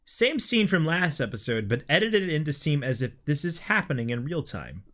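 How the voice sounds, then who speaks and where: A man's voice: on the high side, sing-song, normal speed, a bit bright. A young man hosting a podcast, reading stage directions from his old script in an amused, self-mocking way.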